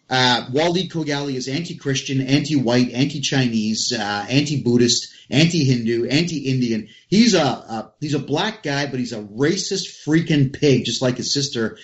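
Male talk host, mid-pitched, emphatic ranting delivery, dull lo-fi audio. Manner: emphatic, ranting, addresses listeners directly. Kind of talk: casual political talk.

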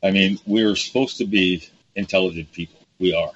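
A man's voice: sits low, steady tone, moderate pace, slight background noise. A man hosting a talk show, indignant, addressing his guest by name. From Canada. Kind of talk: opinionated talk show chat. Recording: dull lo-fi sound.

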